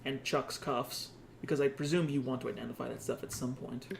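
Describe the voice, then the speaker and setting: A man's voice: mid-range voice, fairly even intonation, a little fast, vocal fry, a little hiss or hum. A man narrating a tabletop game as game master, casual and laughing with asides to the players.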